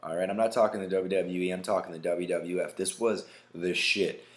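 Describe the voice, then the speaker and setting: A man's voice: low voice, flat delivery, brisk. A man hosting a casual solo podcast, ranting emphatically with lots of swearing and constantly asking "right?". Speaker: podcast host. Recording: echoey room.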